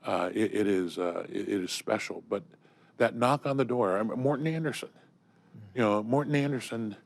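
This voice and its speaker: A man's voice: lowish voice, moderate pace, vocal fry, no room sound. An older man from Southern California, a guest in a studio conversation, telling enthusiastic stories full of fillers and restarts. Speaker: interview guest. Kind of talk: storytelling in conversation.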